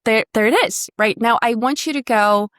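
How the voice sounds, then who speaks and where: A woman's voice: a little high, normal speed, a bit bright, no echo. Encouraging woman voice coach, dry sound. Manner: encouraging, models sounds and sings them out. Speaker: voice and pronunciation coach. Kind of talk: one-on-one pronunciation lesson.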